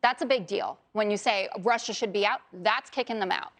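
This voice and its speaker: A woman's voice: medium pitch, fairly quick, fairly bright tone. A woman co-hosting a TV panel show, arguing her point firmly. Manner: firm, argumentative. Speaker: panel co-host. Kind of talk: opinionated panel talk. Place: TV studio.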